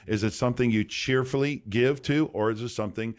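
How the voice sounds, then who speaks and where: A man's voice: mid-range voice, a little fast, clear, resonant tone. A man, a pastor, teaching on a podcast in an emphatic preaching manner that repeats key phrases. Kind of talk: podcast sermon-style teaching.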